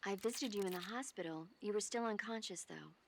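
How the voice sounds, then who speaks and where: A woman's voice: mid-range voice, brisk, a little hiss or hum, natural voice. An actress playing a playful, caring young female medic in a video game. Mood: teasing.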